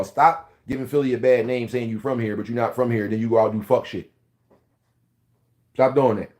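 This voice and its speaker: A man in his forties with a Philadelphia accent talks straight to camera in a loose, casual monologue. He rants bluntly, swears freely and keeps circling back to the same point. His voice sits at an ordinary middle pitch. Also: darkish tone. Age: 40s. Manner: blunt, profane, repetitive ranting. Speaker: vlogger.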